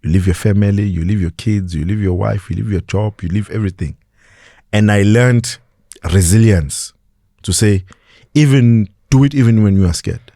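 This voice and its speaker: A South African man, a podcast guest, telling a dramatic story in an animated way and acting out the voices of the people in it. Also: fairly low pitch, normal speed, no echo, studio quality. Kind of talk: storytelling in an interview.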